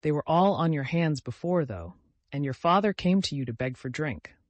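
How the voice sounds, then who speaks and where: A man's voice: on the high side, expressive, normal speed, no echo, natural voice. A man voicing a brooding young man who asks terse, probing questions with a bitter edge.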